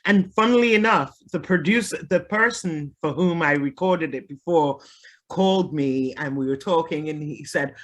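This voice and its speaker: A woman's voice: sits low, moderate pace. Liverpool-raised woman singer, candid and chatty, laughs a lot, guest on a podcast. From Liverpool, England. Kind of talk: casual storytelling interview.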